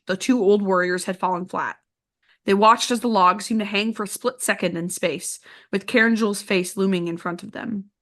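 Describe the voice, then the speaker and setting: A woman hosts a casual book club podcast, her voice bright and forward. She reads passages with feeling, then drifts into relaxed chat full of restarts and fillers. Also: medium pitch. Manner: reads aloud expressively, chats with restarts and fillers. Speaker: podcast host.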